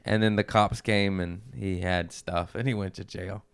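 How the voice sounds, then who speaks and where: A man's low, smooth voice rolls through a rambling, foul-mouthed story, recorded close and dry on a podcast mic. He talks like a working comedian chatting with a friend. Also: steady tone, normal speed, no room sound. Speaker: comedian guest. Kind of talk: casual podcast chat.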